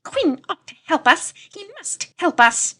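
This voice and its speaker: A frightened former millionaire whimpers in a high, swooping, bright voice, as a woman narrator puts him on. He sounds bitter and pleading in an old adventure story. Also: big pitch swings, measured pace, exaggerated voice. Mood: whimpering. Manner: whimpering, resentful.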